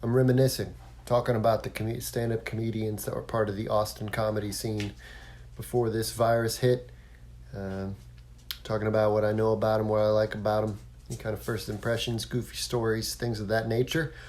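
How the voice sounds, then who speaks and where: A man's voice: lowish voice, little pitch movement, brisk, darkish tone. A man hosting a casual solo podcast, rambling along with lots of fillers and restarts. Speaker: podcast host.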